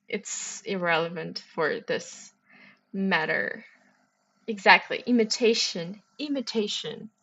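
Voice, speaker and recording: A woman hosts a casual livestream, thinking aloud in a playful, chatty way. Her voice is bright and slightly high, and she speaks slowly, taking her time. The sound is a little dull and lo-fi. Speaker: livestream host solving puzzles.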